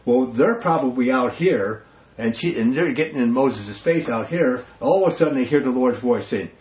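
A man's voice: medium pitch, normal speed, breathy edge, highs cut off. A man leading a casual Bible study, talking in a conversational way and acting out the quotes he reads. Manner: animated, conversational, acts out quotes. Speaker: Bible teacher.

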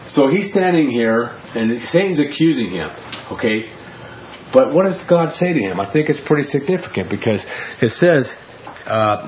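A man's voice: medium pitch, muffled recording, a little hiss or hum. A man teaching through a Bible passage verse by verse, in a conversational way that keeps checking in with his listeners. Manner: conversational, checks in with frequent "okay?".

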